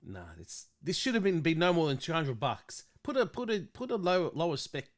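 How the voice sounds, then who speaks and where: A man's voice: a little high, big pitch swings, normal speed. An Australian man co-hosting a gaming podcast, talking animatedly and laughing easily. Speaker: podcast co-host. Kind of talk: casual chat.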